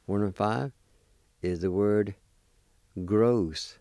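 A man's voice: fairly low pitch, takes it slowly, gravelly, pauses often, dark tone, no room sound. A man teaching a language lesson, patiently spelling and pronouncing words syllable by syllable and encouraging the listener. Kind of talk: slow recorded language lesson.

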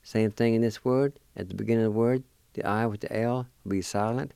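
A man hosting a language lesson, patiently spelling out words letter by letter and pronouncing each one slowly. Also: lowish voice, fairly even intonation, vocal fry, warm tone, clear, resonant tone, no room sound. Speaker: language teacher and radio host. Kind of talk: slow spelling and pronunciation lesson.

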